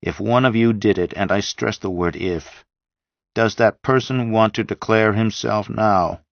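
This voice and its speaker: A man voicing a brisk take-charge leader. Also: on the low side, creaky, no room sound, voice pushed up. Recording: dull dry lo-fi sound.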